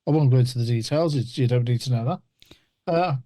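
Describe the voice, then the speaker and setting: A man's voice: mid-range voice, fast talker, warm tone, no room sound. A man, a regular panelist, grumbling and defending himself in casual pub banter. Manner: defensive, grumbling, talks around things.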